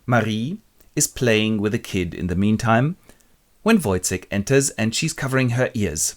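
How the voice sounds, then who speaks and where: A man's voice: on the low side, expressive, moderate pace. A man retelling a classic play in a wry, colloquial, comic way. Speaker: literature presenter.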